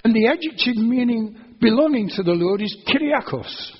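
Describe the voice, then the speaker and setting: A man's voice: very high-pitched, expressive, normal speed, husky. A man preaching an expository sermon, explaining carefully and building to emphatic, repeated phrases. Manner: earnest, explanatory, rising to emphatic repetition. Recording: dull lo-fi sermon recording.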